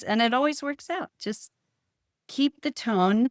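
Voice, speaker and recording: A middle-aged woman, a real estate professional, telling stories in a calm, assured way in a casual interview. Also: on the high side, a little slow, no echo, clean studio sound. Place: California.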